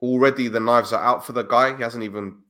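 A man co-hosting a casual football podcast, speaking in a relaxed, blunt and opinionated way about insider club news. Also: medium pitch, fast talker. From Cyprus. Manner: laid-back, blunt, opinionated.

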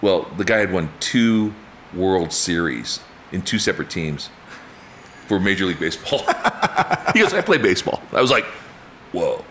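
A man's voice: moderate pace, long pauses, a little hiss or hum. A man in his fifties telling stories in a casual chat, acting out quotes and laughing often. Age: 50s. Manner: animated storyteller, acts out quotes with big pitch jumps, laughs often. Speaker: guest.

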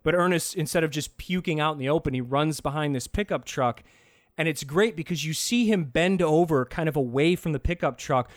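A man in casual film-review chat who talks in an animated way, swears freely and laughs often. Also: a little high, brisk, no room sound, studio quality.

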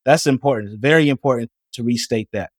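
A man's voice: medium pitch, fast, no room sound, clean studio sound. A man who hosts a podcast and works as a coach, affirming his guest and asking questions. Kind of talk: interview host.

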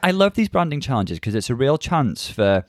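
A man's voice: mid-range voice, big pitch swings, normal speed, very noisy. A man, chatting playfully as a co-host. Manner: chatty, playful, laughs easily. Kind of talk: casual commentary chat.

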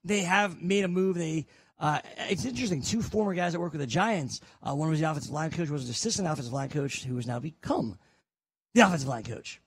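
Lively husky-voiced sports radio man. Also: fast talker, dry recording. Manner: animated, rising pitch in promo reads. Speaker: fantasy sports radio co-host. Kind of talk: casual sports radio chat.

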